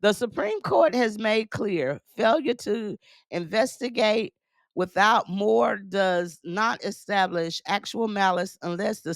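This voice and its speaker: A woman's voice: mid-range voice, no room sound, clean studio sound. Emphatic woman reading a court order. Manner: emphatic, repeats phrases, laughs at the text. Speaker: news commentator.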